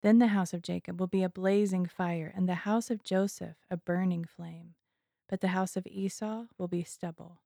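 Woman scripture reader, solemn and measured, low dark voice, dry close sound. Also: fairly even intonation, gravelly, dry recording. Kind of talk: scripture reading.

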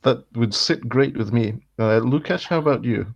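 A man hosting a podcast asks short, polite questions. His voice sits at a middle pitch, and the audio comes through dull and lo-fi, like a remote call. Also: normal speed, vocal fry. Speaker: podcast host. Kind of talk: casual chat.

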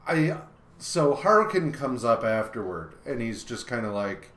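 A man co-hosting a casual comic book podcast, recapping issues in a halting way with many filler pauses. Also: mid-range voice, expressive, a bit bright, reverberant.

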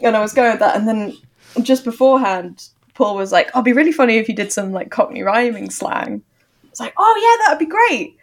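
A woman's voice: medium pitch, fairly quick. A woman on a video call, chatting casually as a podcast co-host, laughing often and mocking herself. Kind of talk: casual chat.

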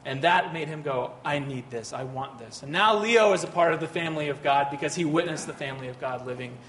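A man's voice: fairly high pitch, fast, fairly bright tone, slight background noise. A man giving a faith teaching talk, telling a personal story earnestly with many fillers and restarts.

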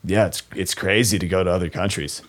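A man's voice: low-pitched, fairly even intonation, a little fast. A man co-hosting a podcast, telling rambling, laid-back anecdotes in casual chat.

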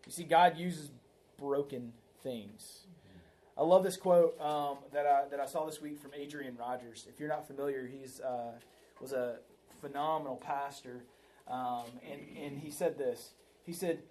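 A man's voice: fairly high pitch, normal speed, a little mellow. A man preaching a sermon in a conversational way, often tagging his points with "right?" and telling a story to make them. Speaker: pastor.

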